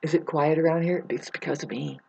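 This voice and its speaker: A man's voice: on the high side, steady tone, brisk, gravelly, dark tone, dull audio. Brief: male vlogger, rambling profane rant, loose and scattered delivery. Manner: rambling, swears a lot, jumps between topics, restarts.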